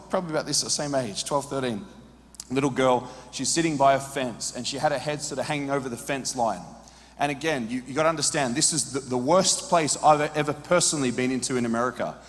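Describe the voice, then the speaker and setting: A man preaching a sermon as a story, moving between hushed, quiet passages and loud, urgent peaks. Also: medium pitch. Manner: drops to hushed quiet in tender moments. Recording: long reverb of a large hall.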